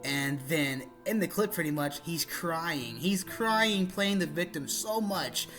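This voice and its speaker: A man's voice: fairly high pitch, lively intonation, slow pace, music in the background. A man narrating internet drama commentary in a blunt, profane, exasperated way.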